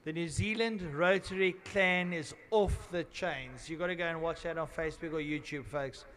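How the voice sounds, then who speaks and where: A man calls a race live from the trackside over a public address microphone. His voice sits a little high, and he drifts from joking, rambling chatter into loud grid announcements. There is faint outdoor ambience from the circuit behind him. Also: steady tone, normal speed, slight background noise.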